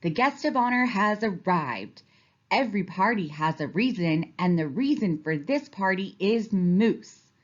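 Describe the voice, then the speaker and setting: A woman's voice: medium pitch, expressive, measured pace, highs cut off. A woman voicing a kind, reassuring male zebra, in a storybook read-aloud. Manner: friendly, reassuring. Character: calm, kind male zebra host of the party.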